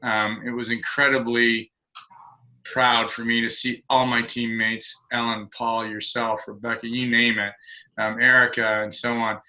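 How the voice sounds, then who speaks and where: An earnest man hosting a team video call, with a very bright, sharp, forward tone. He talks proudly and warmly about his team. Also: medium pitch, level tone, measured pace, poor audio. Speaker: team leader and host. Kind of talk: casual video call chat.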